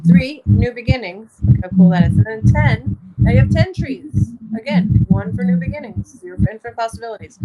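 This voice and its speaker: A woman's voice: medium pitch, muffled recording. A woman doing a casual card reading, talking in a chatty, encouraging way and laughing often. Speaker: card reader. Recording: loud background noise.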